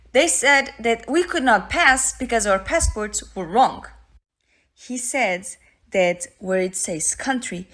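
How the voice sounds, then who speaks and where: A woman's voice: a little high, fairly bright tone. Woman telling a travel story. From Portugal. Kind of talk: storytelling to camera.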